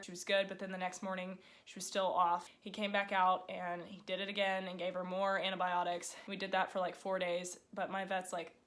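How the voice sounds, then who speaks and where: A young woman vlogger who owns horses tells a story in a casual, chatty way, her mid-range voice fairly bright. She peppers her speech with "like" and acts out what other people said.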